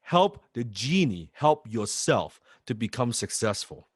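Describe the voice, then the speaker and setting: A man's voice: mid-range voice, sing-song, a little slow, slightly rough, no room sound, studio quality. A man coaching sales students in an emphatic, repetitive way, swearing freely. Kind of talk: lecture to students.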